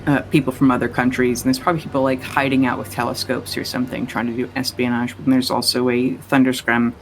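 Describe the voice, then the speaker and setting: A man's voice: medium pitch, flat delivery, quick pace, slight background noise, low-quality recording. A man running a tabletop game as game master, narrating in a rambling, casual way with many fillers.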